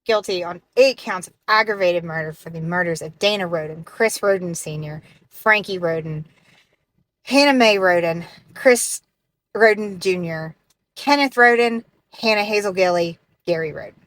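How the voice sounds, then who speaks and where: A woman's voice: lowish voice, moderate pace, fairly bright tone. A young woman, chatting casually with fillers and restarts in a true crime video update. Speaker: true crime content creator.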